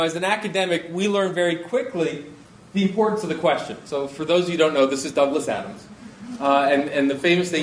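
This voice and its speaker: A middle-aged man giving a conference talk as a guest speaker, animated and self-deprecating, laughing often. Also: high voice. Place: lecture hall. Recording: echoey hall, faint noise.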